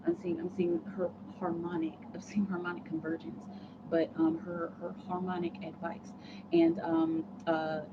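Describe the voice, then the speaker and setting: A woman's voice: fairly low pitch, normal speed. A woman giving a live tarot reading in a chatty, rambling way with many fillers. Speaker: tarot reader. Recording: dull lo-fi sound with background noise.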